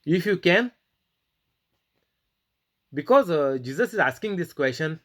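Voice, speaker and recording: A man preaching a sermon, reading Bible verses and leading prayer, with many pauses and fillers. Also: on the high side, expressive, a bit bright. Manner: halting, many fillers, emphatic rebukes.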